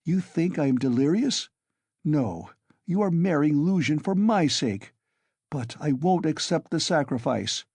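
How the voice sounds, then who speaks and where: A man voicing a feverish, irritable young male student who snaps out his words, pitched above his own voice. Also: lively intonation, measured pace, darkish tone, husky, no room sound, clean studio sound, full character voice. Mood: insistent. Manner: agitated, snapping.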